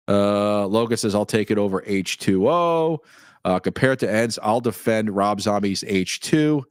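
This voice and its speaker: Laughing man in his forties, low voice. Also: no room sound, studio quality. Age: 40s. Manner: laughs often, reads viewer comments aloud. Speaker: show host. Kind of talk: casual live-stream chat.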